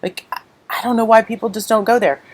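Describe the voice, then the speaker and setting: A woman's voice: fairly high pitch, fairly even intonation, fast talker, low-quality recording. A woman hosting a live craft stream, talking candidly and emotionally to viewers in a rambling, unscripted way while holding back tears. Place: at home.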